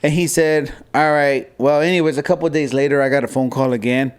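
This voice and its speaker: A man's voice: medium pitch, quick pace, clean tone. A man in his forties from Southern California, telling a story in a casual podcast chat, acting out voices and slipping into Spanish. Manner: animated storyteller, acts out voices and slips into Spanish.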